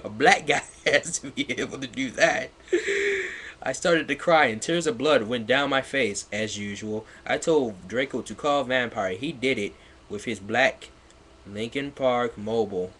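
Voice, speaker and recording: A man's voice: mid-range voice, measured pace, a bit bright, slightly rough. A man giving a mocking live read-aloud of a piece of fan fiction, laughing, swearing and stumbling over its misspellings. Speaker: livestreamer.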